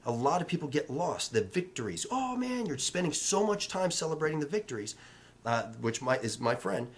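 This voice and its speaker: A man's voice: on the high side, big pitch swings, brisk. A man in real estate speaking in a casual vlog, giving emphatic, repetitive motivational advice in a coaching tone.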